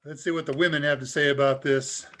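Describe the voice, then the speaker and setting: A man hosting a live tech Q&A, talking casually and chuckling as he demonstrates software. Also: on the high side, level tone, fast. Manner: casual and upbeat, chuckles often. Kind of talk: live demo talk.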